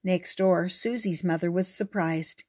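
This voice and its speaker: An older woman reading a children's picture book aloud in a gentle, expressive storytelling voice. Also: on the low side, a little slow.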